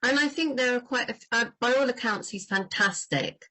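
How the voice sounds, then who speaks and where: A woman book doctor talking in a lively, chatty way on a livestream about writing crime fiction. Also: on the high side, brisk, rough recording.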